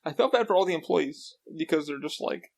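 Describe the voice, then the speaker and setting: A man hosting a podcast, chatting casually and rambling through excitable stories. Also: fairly high pitch, fairly quick, gravelly. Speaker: podcast host. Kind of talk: casual chat.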